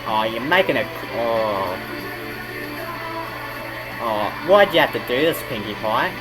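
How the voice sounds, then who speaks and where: An Australian man reacting to a video, talking at a slow, unhurried pace with a mid-range pitch. He groans and exclaims in outrage at what he watches. Clear music plays underneath his voice. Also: expressive, rough recording. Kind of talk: casual reaction commentary.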